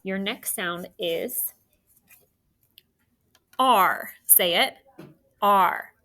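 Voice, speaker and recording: A woman teacher in a recorded phonics lesson, giving clear step-by-step instructions to children. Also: medium pitch, drawn-out words, sharp tone.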